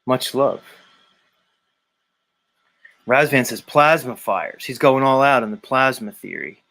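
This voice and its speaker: Man, livestream host, rambling, teasing, casual chat, mid-pitched voice. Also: measured pace, vocal fry, a bit bright. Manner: rambling, teasing viewers by name. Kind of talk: casual live-stream chat.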